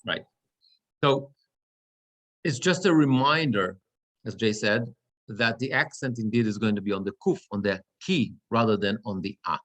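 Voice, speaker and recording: A man's voice: on the low side, animated, moderate pace, long pauses, fairly bright tone, low-quality recording. A man teaching a class on Torah reading as cantor, explaining chant rules and chanting Hebrew verses. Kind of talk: online class lesson.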